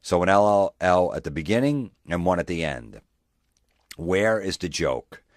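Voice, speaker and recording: A man's voice: sits low, lively intonation, unhurried, dry recording, studio quality. A man hosting a podcast, ranting in a profane, sarcastic way and mocking people in put-on voices. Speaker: podcast host. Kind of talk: comedic rant.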